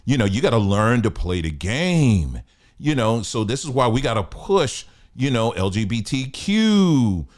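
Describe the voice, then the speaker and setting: A man's voice: mid-range voice, very animated, a little slow, darkish tone. A man hosting a live news commentary show, talking straight to viewers in an exasperated, repetitive way. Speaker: host.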